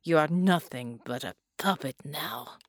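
A woman's voice: big pitch swings, slow, dry recording, clean studio sound, exaggerated voice. A woman doing a sneering sadistic sorcerer. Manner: sneering, low muttered whispers. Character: sadistic male sorcerer, mocking.

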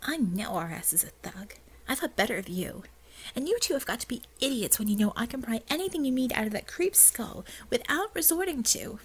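A furious, righteous young woman, as an audiobook reader puts her on, who hisses her lines with clipped scorn. The voice sounds husky and airy, rising sharply in pitch. It is an audiobook character voice. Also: big pitch swings, brisk, low-quality recording. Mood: scornful.

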